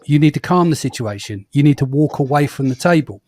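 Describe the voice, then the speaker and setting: A man's voice: medium pitch, lively intonation, a little fast, darkish tone, dry recording, clean studio sound. A man hosting an interview, blunt and swearing, often asking for agreement. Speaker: podcast host. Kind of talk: casual interview talk.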